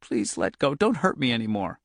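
A man's voice: high voice, very animated, slow pace, a bit bright, no room sound, clean studio sound, voice pushed up, exaggerated voice. A man voicing a terrified young waitress. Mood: tearful. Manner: pleading, near tears. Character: frightened young female diner waitress.

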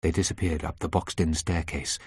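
A man narrating a story in a measured, tense way. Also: a bass voice, fairly even intonation, a little mellow, husky, no echo, studio quality. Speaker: audiobook narrator. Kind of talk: scripted narration.

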